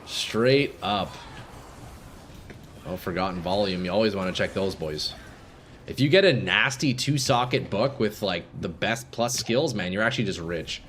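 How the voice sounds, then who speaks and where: A man streaming live gameplay, commenting casually to his viewers and swinging from calm explanation to excited shouting. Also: on the low side, unhurried, slight background noise. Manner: casual, profane, addresses chat as boys.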